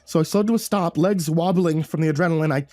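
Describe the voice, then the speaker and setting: A man's voice: fairly high pitch, fast talker, dark tone, no room sound. A man narrating a first-person horror story in a tense, breathless way, stumbling over words now and then.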